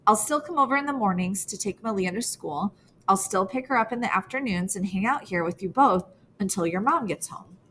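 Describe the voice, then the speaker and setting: A woman reading the lines of a steady, caring father who speaks calmly to soothe his daughter. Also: medium pitch, fairly quick, a little hiss or hum, close to an everyday voice. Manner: calm, soothing.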